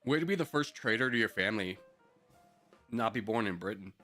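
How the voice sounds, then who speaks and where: A man's voice: lowish voice, animated, brisk, sharp tone, faint music behind. A man streaming a strategy game live, chatting with viewers in joking mock rants and laughing often.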